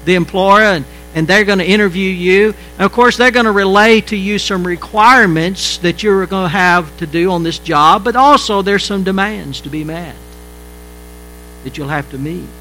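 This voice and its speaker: Man, pastor giving a sermon; bright, forceful tone, repeats words as he builds points. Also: sits high, soft background music, low-quality recording. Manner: halting, repeats words, shifts between quiet and emphatic.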